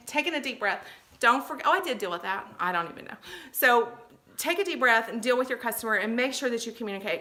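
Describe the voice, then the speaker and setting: A woman's voice: sits high, bright, forceful tone. A middle-aged woman giving tips in a casual, chatty vlog, reassuring and full of fillers and asides. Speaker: vlogger giving shopper tips.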